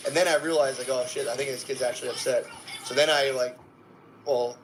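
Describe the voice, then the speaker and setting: A man's voice: medium pitch, steady tone, a little fast. A man in casual chat, telling profane stories with frequent laughter. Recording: noisy background hiss.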